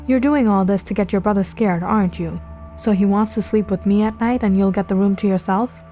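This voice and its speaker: A stern, impatient mother, played by a woman narrator, firm and scolding in an even mid voice. Loud music runs beneath. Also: medium pitch, fairly quick, lightly acted.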